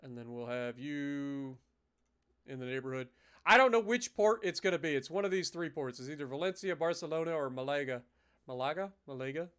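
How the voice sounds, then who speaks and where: A casual young man thinks aloud as he plays a naval strategy game for a live stream. His throat is slightly rough, so he keeps clearing it between lines. His voice sits a little above the usual pitch for a man, and he lets the odd curse slip in. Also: expressive, a little fast, a bit bright.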